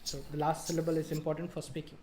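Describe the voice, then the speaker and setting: A man's voice: a little high, completely flat delivery, fast, warm tone. A man teaching English grammar in a live online lesson, explaining rules step by step with examples. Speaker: IELTS tutor.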